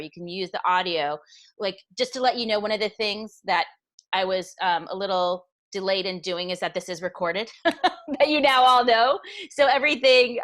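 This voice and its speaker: A woman's voice: fairly low pitch, fairly bright tone. Chatty woman hosting a video call. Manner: chatty, upbeat, laughs easily. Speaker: host of a deathcare webinar. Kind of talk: casual panel chat on video call.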